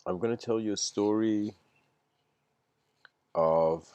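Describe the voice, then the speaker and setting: A man's voice: fairly low pitch, takes it slowly, mellow, smooth, dry recording, highs cut off. A man giving a casual livestreamed lecture, meandering and hesitant with slangy phrasing.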